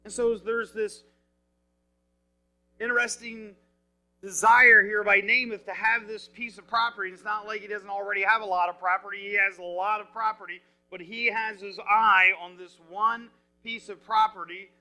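A man's voice: high voice, moderate pace, poor audio. A man preaching a sermon, retelling scripture in casual everyday words and asking the listeners questions. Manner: lively and expressive, asks the listeners questions.

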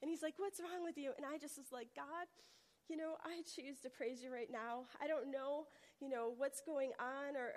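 Female preacher, high voice, earnest testimony delivery, church hall reverb. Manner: earnest storytelling, acts out quotes with rising intensity. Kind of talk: sermon testimony.

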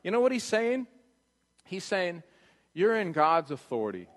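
A man's voice: high voice, very animated, a little slow. A man preaching a sermon as pastor, earnest and emphatic, repeating his points to drive them home, in a church sanctuary. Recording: reverberant church hall.

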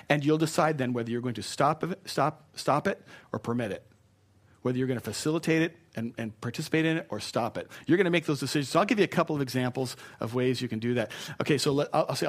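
A man preaching a sermon in a conversational, self-deprecating way, often repeating his key phrases. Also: on the high side.

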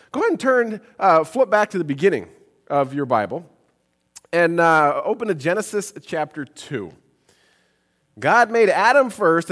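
Lively, high-voiced man preaching. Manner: expressive Bible reading, conversational asides. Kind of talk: sermon.

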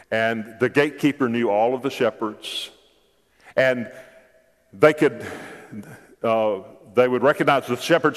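A male pastor preaches at an unhurried pace, leaning on key words and checking in with his listeners. His voice sits at an ordinary middle pitch. It rings out in a church with a long, trailing reverb. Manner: emphatic, repeats words, addresses the congregation directly. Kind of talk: sermon. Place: church sanctuary.

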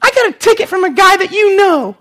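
Man doing teenage girl, whiny, indignant, high, bright. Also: expressive, a little fast. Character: teenage girl student making excuses.

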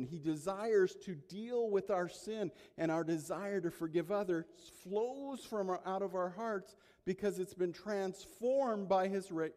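High-voiced preacher in a reverberant hall. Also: male voice. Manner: preaching with swings between soft asides and loud emphatic peaks. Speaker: pastor. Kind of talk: sermon.

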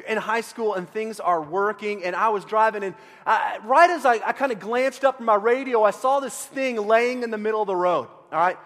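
A middle-aged pastor from Central Texas telling a self-deprecating story in a sermon, animated with frequent restarts. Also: male voice, sits high, moderate pace, hardly any pauses. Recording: long reverb of a large hall.

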